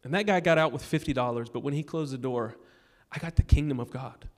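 A male pastor giving a sermon, telling a personal story and urging the congregation, moving between loud appeals and hushed moments. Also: medium pitch, brisk. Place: church sanctuary.

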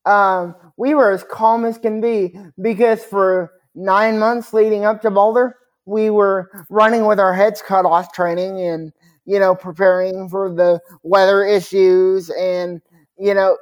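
A man speaking as a podcast guest, telling his story in an earnest, measured way. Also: high-pitched, little pitch movement. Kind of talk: podcast interview conversation.

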